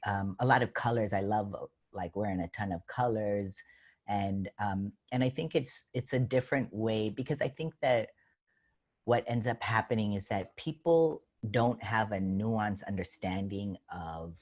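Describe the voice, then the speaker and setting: A man with a fairly low voice answers questions as a comedian guest. He talks in a loose, animated way, full of fillers, and acts out his own stage bits. The sound comes through a video call. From United States. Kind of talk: casual Q&A answers.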